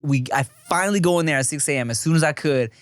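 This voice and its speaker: A man co-hosting a podcast in casual chat, an animated storyteller who swears freely and acts out the people in his stories. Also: a little high, fast, no echo. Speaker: podcast co-host.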